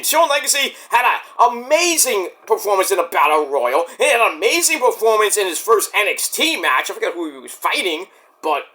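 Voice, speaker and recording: A man giving a casual, rambling recap of a show, excitable and profane. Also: sits high. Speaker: wrestling show reviewer.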